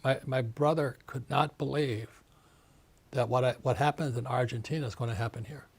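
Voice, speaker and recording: A man's voice: medium pitch, normal speed, vocal fry, slightly rough. A man in his seventies, an author and investor giving an interview, talking emphatically and repeating his points. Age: 70s. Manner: emphatic, ranting, repeats phrases. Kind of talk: casual interview talk.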